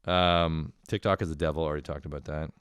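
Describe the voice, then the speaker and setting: A man's voice: a bass voice, fairly even intonation, fast, a bit bright, clean tone, no echo, clean studio sound. A young man hosting a podcast, telling a profane comedic story and acting out family members in shifting voices. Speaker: podcast host.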